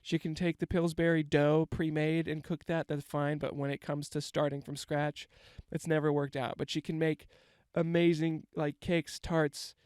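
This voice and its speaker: Rambling, swearing man with a smooth voice. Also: fairly high pitch, little pitch movement, normal speed, hardly any pauses, darkish tone, no echo, studio quality. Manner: rambling, profane, self-mocking. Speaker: comedian. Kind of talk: casual comedic storytelling monologue.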